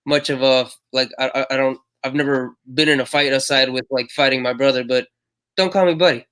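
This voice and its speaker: A man's voice: medium pitch, fairly even intonation, fairly quick, sharp tone, clear, resonant tone. A man co-hosting a casual podcast over a call, hesitant and self-deprecating, often trailing off mid-thought. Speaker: podcast co-host. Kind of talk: casual live podcast chat. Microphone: plug-in mic on a video call.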